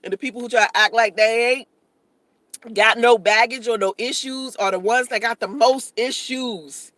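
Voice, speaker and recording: A woman's voice: a little high, steady tone, unhurried, fairly bright tone, no echo. A woman in her late thirties hosting a casual livestream, eating and talking with her mouth full, blunt and profane. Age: 30s. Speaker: livestream host.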